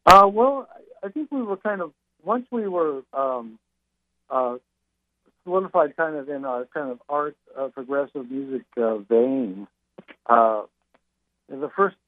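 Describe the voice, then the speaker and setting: A man's voice: medium pitch, a little slow, pauses often, no room sound. An older man, a musician guest in an interview, telling stories with many fillers and restarts. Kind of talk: interview over the phone. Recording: tinny phone line.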